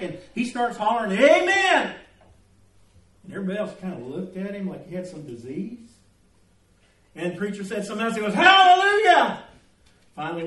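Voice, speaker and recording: A man preaching a sermon in a church, folksy and joking as he tells anecdotes. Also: high voice. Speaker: pastor. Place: church sanctuary. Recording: echoey room, distant mic.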